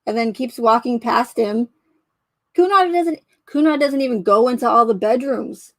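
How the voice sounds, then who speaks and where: A woman's voice: a little high, normal speed, fairly bright tone, dry recording. A woman giving casual commentary on a criminal case, skeptical and questioning as she picks apart details, often trailing off and restarting. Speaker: true crime commentator.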